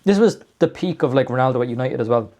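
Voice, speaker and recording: A man's voice: medium pitch, lively intonation, fast talker, a little mellow. A man in his thirties co-hosting a comedy podcast, rambling with lots of fillers and self-mocking jokes. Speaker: podcast co-host. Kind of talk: casual comedic banter.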